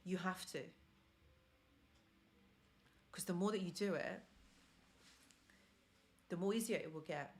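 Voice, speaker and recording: A woman with a fairly low voice talks at normal speed to her live-stream audience. She's a relationship mentor whose English has a non-native accent, and she comes across as earnest and encouraging.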